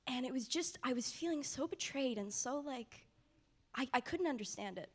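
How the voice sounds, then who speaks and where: A young woman telling a personal faith testimony in a soft, casual way, often sinking to a near whisper. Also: high voice, moderate pace. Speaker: mission trip participant sharing testimony.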